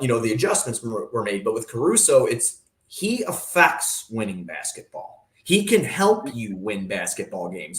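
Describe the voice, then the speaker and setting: A man's voice: medium pitch, fairly bright tone. A man speaking as a guest on a sports talk show, passionate and rambling in his opinions. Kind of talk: casual sports radio talk. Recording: roomy echo.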